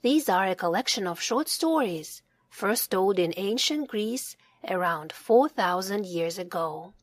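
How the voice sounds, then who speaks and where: A woman narrating a children's storybook in a slow, expressive read-aloud manner. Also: mid-range voice, dry recording.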